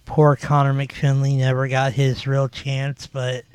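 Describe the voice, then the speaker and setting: A man's voice: mid-range voice, completely flat delivery, a little slow, a little mellow. A man in his forties hosting a podcast, telling rambling stories in casual chat with lots of fillers. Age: 40s. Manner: rambling, filler-heavy storytelling. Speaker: podcast host.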